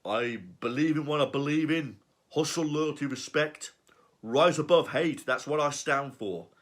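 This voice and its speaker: A man voicing a preachy, self-righteous male wrestler hero in a slow, solemn mocking imitation. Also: a little high, a bit bright.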